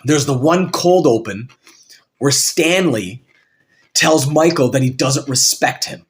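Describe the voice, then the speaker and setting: A man co-hosting a podcast, arguing his case in a casual debate, animated and rambling, with lots of "like" fillers. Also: mid-range voice, slow. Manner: animated, rambling, heavy use of "like". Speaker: podcast co-host.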